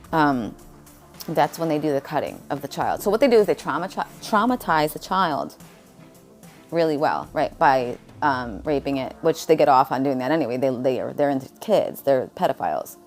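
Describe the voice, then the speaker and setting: Woman, low voice, blunt rambling vlog talk, faint music underneath. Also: expressive, moderate pace, a little mellow. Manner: blunt, jumps between topics. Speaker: vlogger. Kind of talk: casual rambling monologue.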